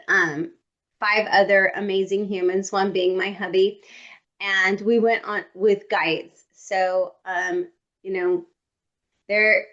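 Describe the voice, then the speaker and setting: A woman co-hosting a podcast, telling stories in a lively, comic, casual way with playful asides. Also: medium pitch, lo-fi sound. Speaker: podcast co-host. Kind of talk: casual storytelling chat.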